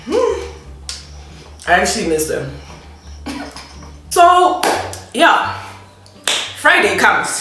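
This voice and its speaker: A woman's voice: on the low side, expressive, unhurried, long pauses, fairly bright tone, faint music behind. Young woman, casual storytime vlogger, laughs a lot; distant mic, echoey room. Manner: chatty, laughing, talks while eating.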